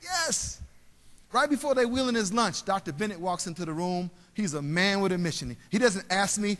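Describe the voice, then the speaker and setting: A man's voice: sits high, expressive, moderate pace. A man giving a motivational keynote in a large hall. He tells stories and leads the audience in call and response. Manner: storytelling, drops quiet and soft for emotional parts. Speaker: keynote speaker. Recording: long hall reverb, live stage.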